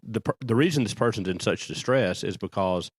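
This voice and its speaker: Low-voiced, wry middle-aged man. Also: expressive, fairly quick, husky, no room sound, studio quality. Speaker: podcast co-host. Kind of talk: casual chat.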